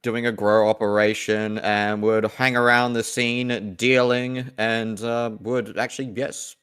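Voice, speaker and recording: A man's voice: medium pitch, level tone, unhurried, a bit bright, clear, resonant tone. A man hosting a casual livestream chat, teasing his guest. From New Zealand. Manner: teasing, sardonic. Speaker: show host.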